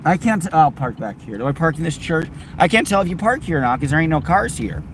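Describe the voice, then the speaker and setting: A man's voice: a little high, animated, fast talker, background noise. A man rambling to his live-stream chat while driving, sarcastic and joking. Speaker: livestreamer. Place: in a car, driving.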